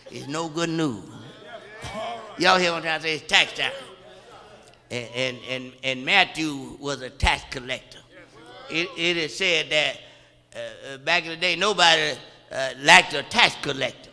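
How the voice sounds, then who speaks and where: A man preaching a sermon, stammering through repeated words and building from quiet talk up to loud shouts. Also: a little high, a little slow. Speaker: pastor. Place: church sanctuary. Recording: long reverb of a church hall.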